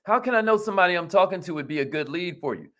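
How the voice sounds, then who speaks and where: High-energy man hosting a live stream. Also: lively intonation, racing, fairly bright tone. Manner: hypes viewers, calls out commenters by name; repeats phrases, leads affirmations. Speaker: host of a live business stream.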